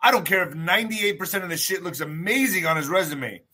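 A man's voice: sits high, expressive, fast talker, bright, forceful tone, slightly rough. A man hosting his own livestream in casual talk, emphatic, repeating phrases and swearing freely. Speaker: show host.

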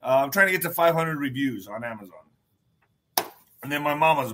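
Emphatic bright-voiced man hosting a stream. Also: mid-range voice, animated, a little fast, a little hiss or hum. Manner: emphatic, repeats phrases; swears freely. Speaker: show host. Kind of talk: casual livestream talk.

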